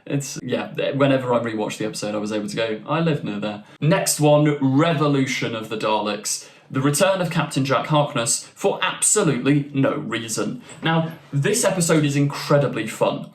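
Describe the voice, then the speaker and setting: A man's voice: mid-range voice, expressive, normal speed. A young man hosting a casual ranking video. He talks in a chatty, enthusiastic way, with restarts and asides. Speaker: YouTube channel host. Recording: roomy echo.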